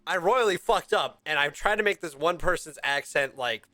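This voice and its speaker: Man from the US, fairly high voice, bright, animated, laughs a lot, casual podcast. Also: moderate pace, no room sound. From United States. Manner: animated, laughs often mid-sentence. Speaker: podcast co-host.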